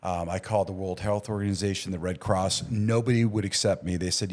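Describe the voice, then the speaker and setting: A man's voice: low voice, fairly quick, hardly any pauses. A man, an emergency physician, telling stories in a casual podcast interview and acting out the dialogue. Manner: animated storyteller, acts out quoted dialogue.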